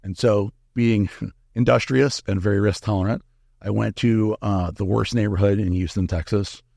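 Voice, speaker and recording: A man's voice: fairly low pitch, fairly even intonation, normal speed, gravelly, a little mellow, no room sound, clean studio sound. A man as a podcast interview guest, telling a candid story in a frank, profane way with many fillers and restarts.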